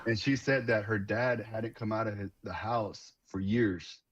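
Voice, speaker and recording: A man's voice: lowish voice, steady tone, measured pace, lo-fi sound. A man who leads a veterans nonprofit, talking casually and earnestly, often restarting words and calling people "man". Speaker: veterans nonprofit leader, guest. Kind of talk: casual conversational storytelling.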